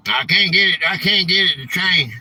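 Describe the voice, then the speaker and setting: A man hosting a casual live stream, rambling and quick to get frustrated, saying "man" a lot. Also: high-pitched, pushed and bright, husky, rough recording. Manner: rambling, easily frustrated, says "man" often.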